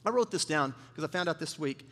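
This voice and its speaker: High-pitched pastor preaching, calls to the crowd, echoey church hall. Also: male voice, animated, fast, fairly bright tone. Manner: call-and-response preaching with the congregation. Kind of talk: sermon.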